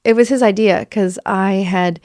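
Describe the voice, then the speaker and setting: A woman's voice: mid-range voice, fairly even intonation, normal speed, a little mellow, no room sound, studio quality. A woman in her thirties hosting a podcast, talking casually and emphatically, acting out quoted voices as she tells stories. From United States. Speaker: podcast host. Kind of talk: casual solo podcast talk.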